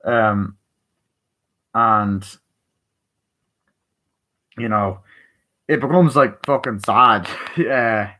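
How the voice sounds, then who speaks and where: A man giving a casual, rambling movie review full of swearing, who acts out scenes by quoting the characters in quick voices. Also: lowish voice, pushed and bright, rough recording.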